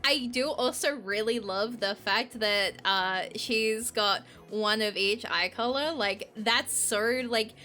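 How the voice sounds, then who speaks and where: A woman's voice: on the high side, takes it slowly, few pauses, pushed and bright, faint music behind. A young woman streaming a game, gushing and rambling with many filler words as she comments and reads aloud.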